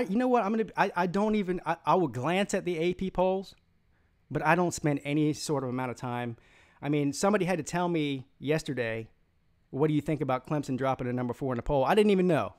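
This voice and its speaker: This sports channel host has a slightly high voice with a darkish tone. Suffering from hiccups, he rambles about his views on a live stream, reads viewer comments, and keeps restarting and filling gaps.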